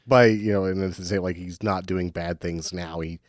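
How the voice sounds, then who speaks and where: A man's voice: deep voice, steady tone, normal speed, no echo. A man co-hosting a casual podcast, making dry, sardonic remarks about a movie. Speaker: podcast co-host. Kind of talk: casual movie-riffing chat.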